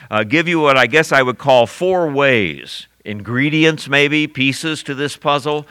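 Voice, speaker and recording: A man's voice: medium pitch, bright, forceful tone, dry recording. A man preaching a sermon as pastor, teaching verse by verse with emphatic repetition.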